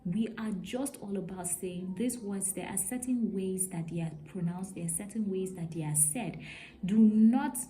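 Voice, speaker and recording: A woman explains pronunciation in an emphatic teaching voice, often stopping to ask "okay?". Her tone is mellow and warm. Faint noise hums behind her. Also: medium pitch, normal speed, rough recording. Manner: emphatic, repeats "okay?" to check understanding. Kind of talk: talking-to-camera lesson.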